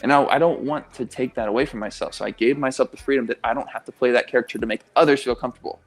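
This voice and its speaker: A man's voice: medium pitch, fairly even intonation, rapid-fire. A young man as a guest on a radio interview show, talking with passion and emphasis and swearing freely. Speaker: guest, pro athlete and coach.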